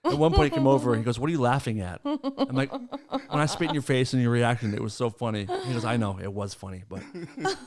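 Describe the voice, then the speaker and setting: A young man hosts a podcast chat, his pitch swinging widely as he tells a story. He laughs through it and slips into the voices of the people he quotes. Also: quick pace, a crowd in the background. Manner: animated, laughs mid-story, acts out quotes. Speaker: podcast host.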